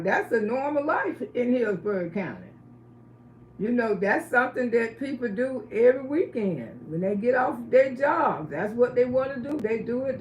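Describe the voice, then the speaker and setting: A woman's voice: on the high side, roomy sound. Middle-aged woman, livestream storyteller, blunt and chatty, faint background hiss. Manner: blunt, chatty, asks the audience questions. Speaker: livestream host.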